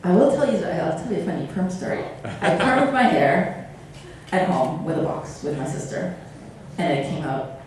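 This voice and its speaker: A woman from Rhode Island, a panel guest, telling a funny story quickly and with self-deprecating laughs. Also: low voice, very animated, mellow. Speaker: panel guest, former toy company worker. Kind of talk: casual anecdote telling. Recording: distant, echoey, with background noise.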